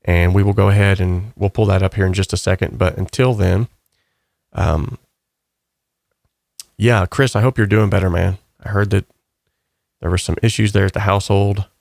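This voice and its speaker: Male host, low gravelly voice, dry close sound, casual rambling comment-reading. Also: normal speed, pauses often, no echo. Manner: rambling, relaxed, upbeat. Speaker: channel host.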